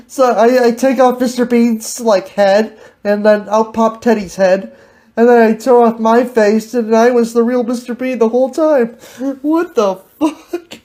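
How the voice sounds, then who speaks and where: Slow-talking giggly woman host. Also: on the high side, mellow. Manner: giggly, teasing, laughs often. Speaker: podcast host. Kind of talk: casual improv chat.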